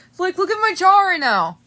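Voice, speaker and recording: A young woman with an extremely high, sharp voice livestreams casually for her viewers. She's trembling and in pain, laughing nervously and swearing her way through it.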